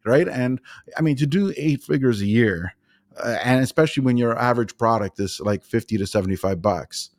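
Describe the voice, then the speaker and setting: A man's voice: mid-range voice, fairly quick, no room sound, studio quality. A middle-aged man hosting a podcast, telling a long, rambling story with many restarts and laughs. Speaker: podcast host. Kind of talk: casual storytelling interview.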